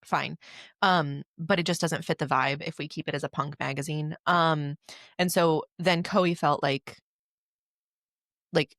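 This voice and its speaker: A woman's voice: deep voice, fairly even intonation, a little slow, fairly bright tone, no room sound, clean studio sound. A woman co-hosting a casual podcast chat, talking in a loose, filler-heavy way and acting out remembered quotes. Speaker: podcast co-host.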